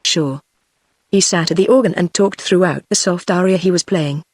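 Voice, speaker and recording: A text-to-speech voice reading a novel aloud as narrator, in an even, machine-read delivery. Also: mid-range voice, brisk, no echo, studio quality. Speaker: audiobook narrator.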